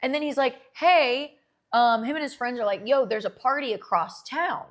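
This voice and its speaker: Streamer, woman in her 20s, lively storyteller with a salty mouth and a slightly raised voice. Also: high-pitched, normal speed. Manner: animated, profane storytelling. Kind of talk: casual chat.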